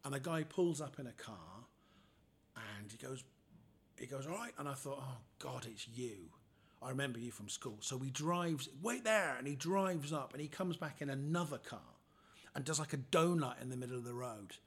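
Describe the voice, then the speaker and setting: A man's voice: medium pitch, normal speed, a bit bright, slightly rough. A man, a comedian guest, telling stories in casual chat and acting out the people he quotes.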